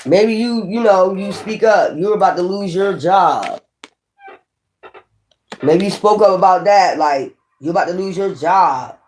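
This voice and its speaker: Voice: mid-range voice, measured pace, a little mellow, slight background noise. Tarot reader, casual rambling delivery, heavy profanity, emphatic repetition. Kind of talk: casual tarot reading to camera.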